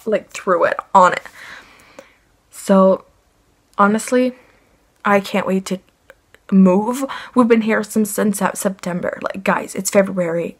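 Husky-voiced young woman vlogger. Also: mid-range voice. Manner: annoyed, rambling, many fillers. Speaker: family vlogger. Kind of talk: casual storytime vlog.

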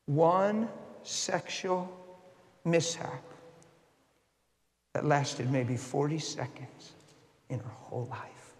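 A male guest preacher tells a story from the pulpit, his voice sitting a little high for a man. He swings from hushed, intimate asides to loud, impassioned peaks. The sound carries the long reverb of a church sanctuary. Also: slow, long pauses. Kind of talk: storytelling sermon.

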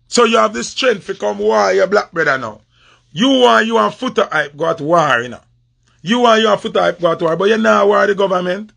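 A man's voice: high voice, creaky, fairly bright tone. A man with a Jamaican accent delivering a confrontational, repetitive rant in patois. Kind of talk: heated social media rant.

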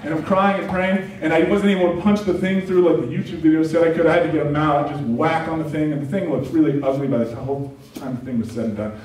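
A man preaching in a church sanctuary, his voice ringing through a very echoey room and picked up from some distance by the mic. He tells stories in an animated, self-deprecating way. Faint noise sits under the recording. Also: a little high, fast talker. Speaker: pastor. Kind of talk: sermon with personal storytelling.

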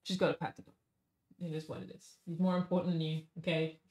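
A woman's voice: sits low, little pitch movement, fast, darkish tone. A woman streamer in casual live-stream chat, talking to her viewers and cooing at her dog.

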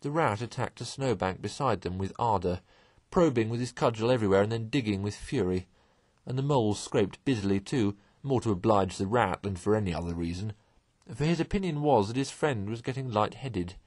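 A man reading a classic storybook aloud in an expressive way. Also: fairly low pitch, fairly quick, no echo.

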